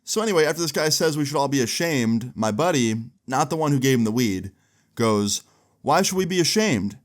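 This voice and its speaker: A man's voice: medium pitch, fairly quick. A young man casually telling a story, animating the other people's lines as he goes. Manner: animated, acting out the voices of others in the tale.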